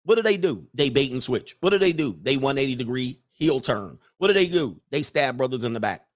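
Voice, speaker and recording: A man's voice: mid-range voice, lively intonation, a little fast. A man hosting a livestream show, giving a mocking, profane monologue full of repeated rhetorical questions.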